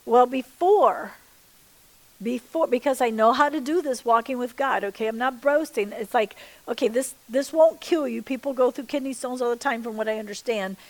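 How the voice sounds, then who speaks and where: A middle-aged woman giving a sermon-style personal testimony, acting out the dialogue with lively energy, and dropping to a soft, hushed voice when she quotes her prayers. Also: fairly high pitch, normal speed, low-quality recording. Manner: animated storytelling that acts out the dialogue; chatty, checks in with the listeners. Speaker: Christian speaker.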